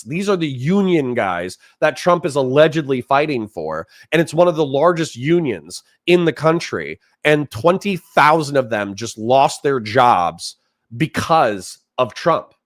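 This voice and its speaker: Close on a streaming mic, a man hosts a livestream and launches into a heated, off-the-cuff rant of casual commentary. He reads chat aloud, and his pitch jumps around a lot as he reacts.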